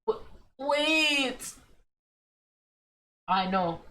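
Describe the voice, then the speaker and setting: A woman's voice: high-pitched, lively intonation, very slow, a bit bright, exaggerated voice. A woman voicing a guilty young woman who stammers and pleads with her friend. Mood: remorseful.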